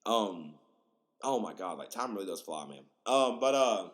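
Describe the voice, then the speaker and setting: A man's voice: lowish voice, lively intonation, moderate pace. A young man hosting a podcast, telling stories in a rambling, slangy way with lots of fillers and crude jokes. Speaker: podcast host. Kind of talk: casual storytelling monologue.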